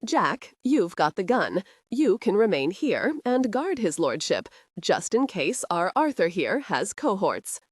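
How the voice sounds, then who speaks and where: A woman's voice: medium pitch, sing-song, measured pace, husky, dry recording. Dry, commanding innkeeper woman, read by a narrator.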